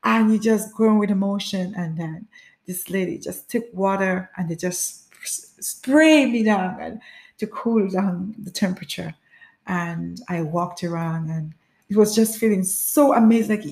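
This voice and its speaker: A woman telling a personal story in a casual spoken way, animated, repeating phrases and acting out her own cries. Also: mid-range voice, unhurried, gravelly.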